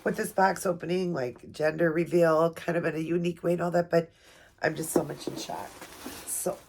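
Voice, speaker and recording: A woman at home filming an unboxing video for her vlog, talking softly and gushing with emotion. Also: lowish voice, steady tone, normal speed, vocal fry, a little hiss or hum. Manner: gushing, soft-spoken, emotional. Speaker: vlogger. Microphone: camera set up nearby.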